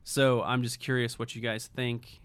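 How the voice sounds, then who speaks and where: Podcast host guy, mid voice, reading out the next question steady. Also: mid-range voice, moderate pace, clean tone.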